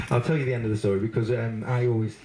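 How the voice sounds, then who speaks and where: At a wedding reception, the bride's brother gives a speech in a flat, fast, mid-range voice, laughing often and full of fillers and restarts as he tells a story. The room is echoey and the background noise is loud.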